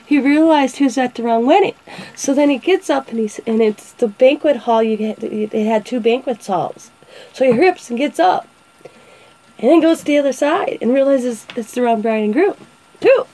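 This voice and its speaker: A woman's voice: high voice, moderate pace, mellow, poor audio. A woman in her forties hosting a casual show, chatting and telling funny family stories, often laughing and acting out what people said. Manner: chatty, laughs often, acts out quoted voices. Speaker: show host. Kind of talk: casual storytelling.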